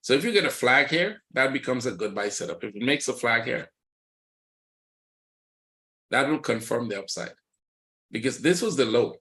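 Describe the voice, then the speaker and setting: A man teaching a live trading webinar, walking quickly and plainly through one chart after another. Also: medium pitch, animated, bright, forceful tone. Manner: rapid, matter-of-fact chart commentary. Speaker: trading instructor.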